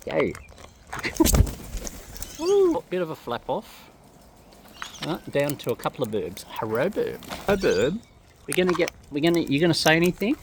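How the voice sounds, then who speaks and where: Low-voiced woman coaxing parrots playfully. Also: sing-song, a little slow, long pauses, noisy background. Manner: playful, coaxing, sing-song baby talk to birds. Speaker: wildlife vlogger feeding wild birds. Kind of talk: casual talk to birds. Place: outdoors among feeding parrots.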